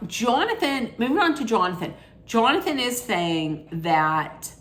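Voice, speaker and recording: A woman's voice: lowish voice, fairly bright tone, roomy sound. A woman hosting a reality TV recap, giving blunt, judgmental commentary in an opinionated rant.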